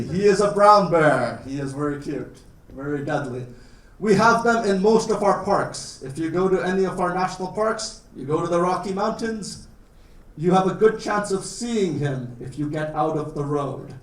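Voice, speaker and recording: A man from Canada with a slightly high voice lectures a class about his home country. He keeps his wording simple and jokes as he goes. The sound is roomy and he stands away from the mic. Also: expressive, moderate pace. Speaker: guest lecturer. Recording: roomy, distant classroom recording.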